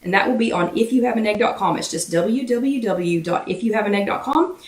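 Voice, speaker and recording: A woman with a Southern US accent hosts a live chat, talking fast and greeting viewers by name, her voice still slightly irritated. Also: mid-range voice, reverberant, far from the mic. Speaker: host of a live weight-loss chat.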